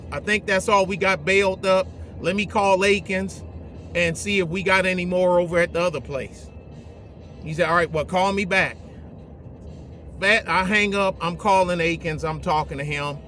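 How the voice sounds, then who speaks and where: A man's voice: sits high, a bit bright. Man vlogging from his truck, light voice, loose rambling delivery, faint music behind. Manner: rambling, drawling, trails off with fillers. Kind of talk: casual storytelling while driving.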